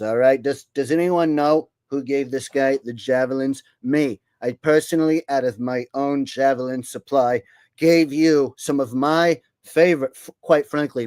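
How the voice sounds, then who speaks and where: A man's voice: medium pitch, a little mellow, clear, resonant tone, dry recording, lightly acted. Man impersonating a bragging older president, rambling, keeps saying all right, dry close sound. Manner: repeats "all right?", brags and boasts, mocking. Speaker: host doing an impression. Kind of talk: comedic impression.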